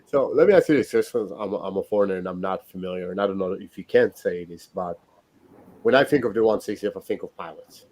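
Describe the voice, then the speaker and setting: Brief: deep-voiced male interviewer, quiet and curious, feeling his way into a question. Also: fast talker. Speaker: podcast host.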